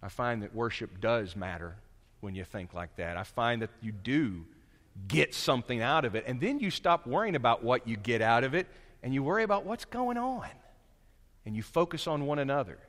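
A male preacher giving a sermon, moving between quiet, low asides and raised, emphatic points. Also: expressive, normal speed. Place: church sanctuary. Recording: long reverb of a large hall.

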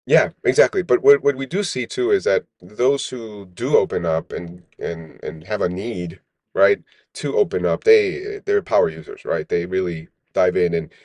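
His voice sits low and moves at a moderate pace, with no echo. He's a middle-aged company founder being interviewed casually, animated throughout and fond of tacking "right?" onto his points.

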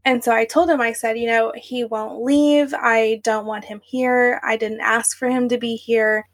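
A young adult woman speaks as a podcast guest, telling a long personal story in a candid, run-on way full of "like" and "you know." Her voice sits a little high. She keeps an even, flat delivery throughout. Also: a little slow. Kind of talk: recounting personal story in interview.

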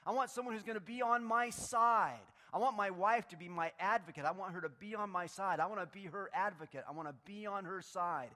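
Brief: high, bright-voiced male pastor, animated sermon with loud peaks and quiet stretches, talks back and forth with the room. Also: fairly quick, hardly any pauses. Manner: animated, swinging between loud emphatic lines and quiet low ones; talks with the congregation, takes answers from the room.

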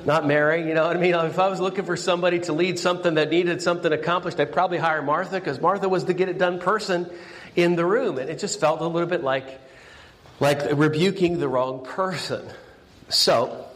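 A man, a pastor, preaching a sermon at a breakfast event, telling the story with animated energy and frequent restarts. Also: a little high. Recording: long hall reverb.

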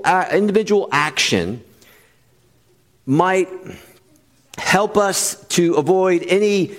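A pastor preaching an expository sermon, earnest and emphatic, repeating phrases for stress and slowing on key lines. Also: male voice, fairly high pitch.

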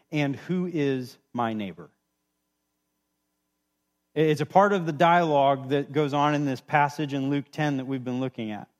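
A man, a pastor giving a sermon in a casual, conversational way, doubling words for emphasis. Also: fairly high pitch.

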